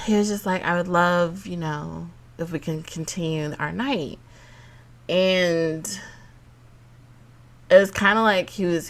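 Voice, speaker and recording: A young woman hosting a podcast, telling a dating story in a chatty, animated way, laughing often and acting out what people said. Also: medium pitch. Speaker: podcast host. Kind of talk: casual storytelling monologue.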